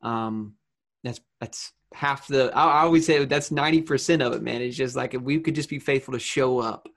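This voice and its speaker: A man's voice: mid-range voice, normal speed, gravelly, fairly bright tone. A man in casual conversation, reflective and rambling, who laughs between words. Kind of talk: casual chat.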